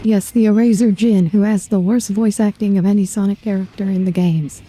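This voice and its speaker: A woman's voice: mid-range voice, steady tone, a little fast, warm tone, husky, faint music behind. A woman on a game stream, confidently giving detailed trivia and correcting others. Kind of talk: casual gaming stream chat.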